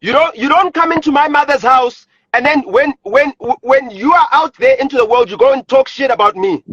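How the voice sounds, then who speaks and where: South african guy going off angry on a phone live, super high pitched, swearing a lot, dull lo-fi phone sound. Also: brisk, a bit bright. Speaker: live streamer. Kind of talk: heated rant on a live stream.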